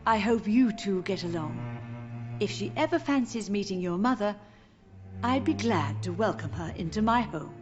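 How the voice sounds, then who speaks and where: A woman voicing a grieving elderly mother in a game, speaking softly and tenderly, with a gentle, sorrowful manner. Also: medium pitch, lively intonation, normal speed, lo-fi sound, over music, close to an everyday voice. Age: older. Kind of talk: game voice acting.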